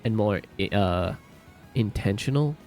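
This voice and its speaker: A man's voice: on the low side, lively intonation, unhurried, a little mellow, soft background music. A man from Australia with an Australian accent, chatting casually on a livestream, laid-back and laughing often as he repeats words aloud. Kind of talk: casual chat reading viewer comments.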